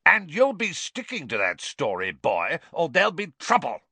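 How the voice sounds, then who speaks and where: A man doing a loud, snarling bully of an uncle. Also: mid-range voice, very animated, unhurried, no room sound, voice pushed up, heavily acted. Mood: blustering. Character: bullying blustering middle-aged uncle.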